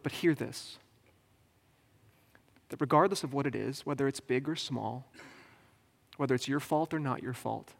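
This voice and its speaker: A man's voice: mid-range voice, gravelly. A male pastor preaching a sermon in a casual, joking, conversational way. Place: church sanctuary. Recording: long hall reverb.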